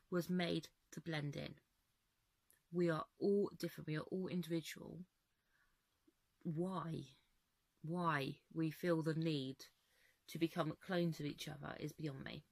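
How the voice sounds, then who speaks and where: A young woman chats candidly to camera in a rambling, open way, her voice fairly low and a bit worn. She is recorded close and dry, with almost no room sound. She laughs often between thoughts. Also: fairly bright tone, dry recording. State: voice going. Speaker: vlogger. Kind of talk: casual chat to camera.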